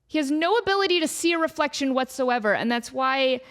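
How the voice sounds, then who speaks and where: A woman hosting a comedic solo podcast, telling a rambling, animated story with lots of fillers. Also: high voice, brisk. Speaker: podcast host.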